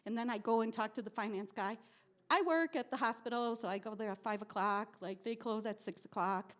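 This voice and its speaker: A woman's voice: a little high, a little fast. A woman telling a story at an open mic in a cafe, ranting in an exasperated way and swearing often. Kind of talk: spoken word storytelling. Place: live cafe event.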